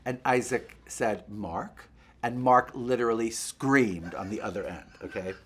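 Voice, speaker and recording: A man hosting a show, chatting in a gossipy comic monologue to a puppet and breaking into quick impressions. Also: mid-range voice, fairly bright tone, slightly rough. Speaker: host.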